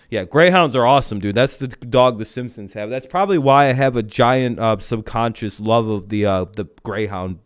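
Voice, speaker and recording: Chill streamer guy rambling and swearing, smooth clean voice, middle pitch. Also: moderate pace, few pauses, no echo, studio quality. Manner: profane, laid-back and rambling. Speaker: live-stream host. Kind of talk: casual live-stream chat.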